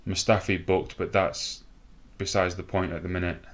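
A young man commentating a football game excitedly, nervous and swearing, with laughing bursts. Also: low-pitched, moderate pace. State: out of breath. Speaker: gaming commentator.

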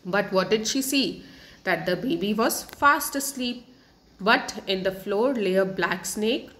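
A woman teacher reads a children's story aloud, pausing often to explain word meanings. Her voice sits at an ordinary middle pitch. She speaks patiently and restates each sentence in plainer words. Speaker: English teacher.

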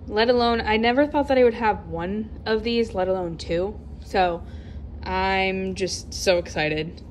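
A woman talking through her photocard collection in a casual vlog, chatty and excited, a little out of breath. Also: mid-range voice, a little hiss or hum. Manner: chatty, excited, rambling with frequent restarts. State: slightly out of breath.

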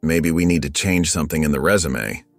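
A man's voice: rumbling low, a little fast, gravelly, no echo, faint music behind. A man voicing an eager, studious teenage boy.

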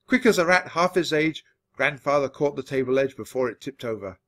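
A man reading a children's book aloud for English learners, with expressive, animated storytelling. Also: mid-range voice, fairly quick. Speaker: storybook reader.

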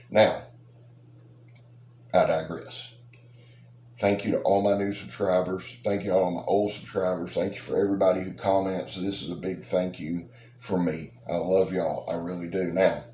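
Deep-voiced rambling man. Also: warm tone. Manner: rambling, joking, folksy and boastful. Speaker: knife channel host. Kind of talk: casual talk to subscribers. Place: outdoors. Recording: roomy echo with faint noise.

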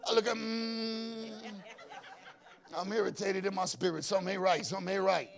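Man, apostle, fervent sermon, shouting, prays in tongues, high voice. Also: fairly even intonation, normal speed, vocal fry. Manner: fervent preaching, often shouting, with spells of praying in tongues. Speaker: apostle preaching.

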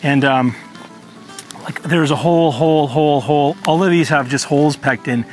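A man with a rather high voice hosts a casual gardening tutorial outdoors in his orchard. He talks in an earnest, chatty way, dotted with ums. Faint music runs behind him. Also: moderate pace. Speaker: gardening channel host.

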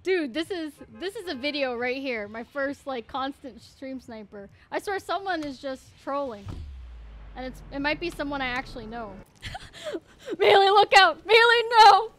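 A young woman narrates her game live, excitable and quick to laugh and shout. Her voice sits high and leaps around a lot. It has a bright, sharp edge. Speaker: game streamer. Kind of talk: live gameplay commentary.

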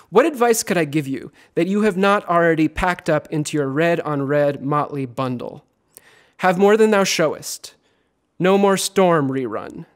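A man performs his poems at a university reading with a high voice. His delivery is theatrical and lively, swinging from loud lines to hushed ones. He sometimes drops into chanting repeated words. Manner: chanting repetitions. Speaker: poet. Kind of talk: poetry reading.

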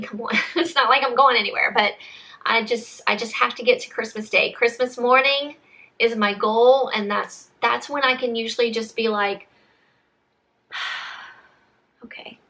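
A woman's voice: fairly high pitch, bright, forceful tone. A young woman chatting casually to camera as a book vlogger, rambling with frequent restarts and saying y'all.

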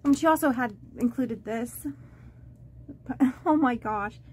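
Woman budgeting vlogger, high and unhurried, rambling with lots of ums, gushing unboxing chat. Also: a little mellow, husky. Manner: halting and rambling, with many fillers and restarts; gushing and easily moved. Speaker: budgeting vlogger opening fan mail. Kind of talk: casual unboxing chat to camera.

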